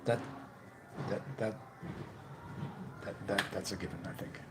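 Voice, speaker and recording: A man hosting a casual live stream, reading viewer comments and chatting in a rambling, halting way, repeating his words. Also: on the low side, fairly even intonation, heavy background noise. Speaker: YouTube channel host.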